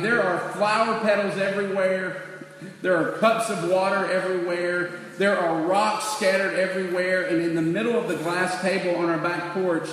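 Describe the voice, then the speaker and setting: A man's voice: sits high, fairly bright tone, a little hiss or hum. A middle-aged man, a pastor, preaching a sermon that tells a family story and acts out the children's voices before building to a fervent appeal. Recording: echoey hall with long reverb.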